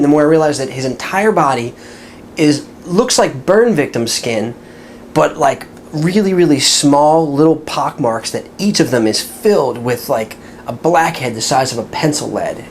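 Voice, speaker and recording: A middle-aged former tattoo artist telling a story in a relaxed, offhand, profane way. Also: mid-range voice, a little hiss or hum. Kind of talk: casual storytelling.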